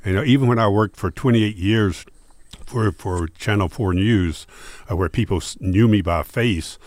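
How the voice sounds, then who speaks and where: A man's voice: on the low side, normal speed, darkish tone. A man with a distinctive voice, a regular radio analyst who tells stories with wry, self-deprecating humor. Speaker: political analyst, regular panelist. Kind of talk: radio talk show banter. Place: radio studio.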